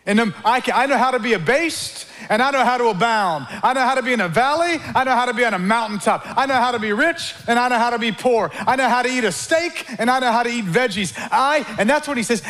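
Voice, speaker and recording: A man preaching a sermon, calling on the congregation to repeat words and acting out quick inner dialogues. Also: very high voice. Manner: animated preaching with call-and-response and acted-out inner dialogues. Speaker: pastor.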